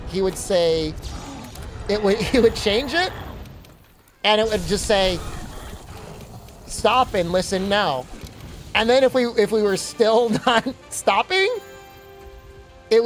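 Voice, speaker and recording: A young man chatting casually to his chat while gaming, telling stories in an animated way. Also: high-pitched. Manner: chatty, animated storytelling with laughs. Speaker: streamer.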